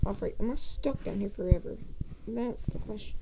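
A woman's voice: mid-range voice, normal speed, gravelly, noisy background. A woman giving live gameplay commentary, talking to herself in a jumpy, nervous way and often dropping to a whisper.

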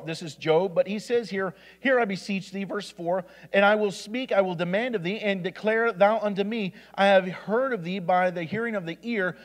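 A man, an assistant pastor from Indiana, preaching a sermon, reading scripture aloud with restarts and asides. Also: high voice. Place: church sanctuary. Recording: church hall with long reverb.

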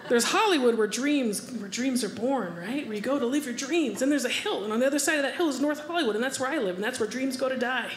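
A woman's voice: high-pitched, lively intonation, quick pace, few pauses. A woman comedian from the United States doing a stand-up set on a club stage, acting out voices and laughing along with her own jokes. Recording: roomy club with audience laughter. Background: audience laughter.

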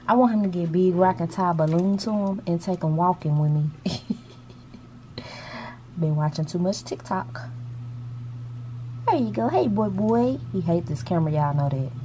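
A woman's voice: lowish voice, moderate pace, pauses often, mellow, a little hiss or hum. A woman, chatting bluntly and casually to her viewers in a vlog, with laughing asides. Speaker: vlogger.

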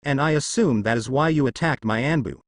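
A man's voice: medium pitch, no room sound, clean studio sound, natural voice. A man doing a weary, cautious village leader. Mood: cautious questioning. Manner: measured, questioning.

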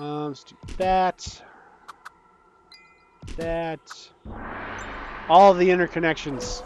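A young man giving casual, excitable commentary while playing a game, breaking into panicky outbursts and joking about his own skill. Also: a little high, very slow, pauses often, a little hiss or hum. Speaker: gaming YouTuber.

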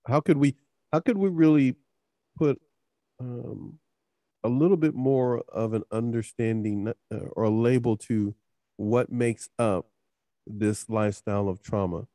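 A man hosting a podcast, asking slow, halting questions with many fillers. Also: medium pitch, mellow, no echo, clean studio sound. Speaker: podcast host. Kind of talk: podcast interview.

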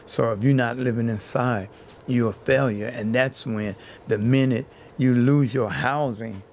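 A man's voice: mid-range voice, a little slow, a little mellow, slight background noise. A man being interviewed as a housing activist, telling his story in an earnest way and building his points by repeating phrases.

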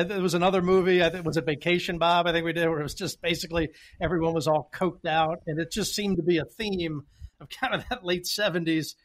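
A man's voice: fairly high pitch, a bit bright. A man co-hosting a movie podcast who rambles and asks the others questions in casual chat. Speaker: podcast co-host.

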